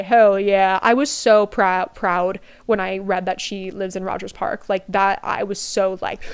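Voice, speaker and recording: A woman's voice: medium pitch, unhurried, clear, resonant tone. Gushing young woman reviewing books. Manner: gushing, chatty, giggly. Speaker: book vlogger. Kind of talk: casual book review.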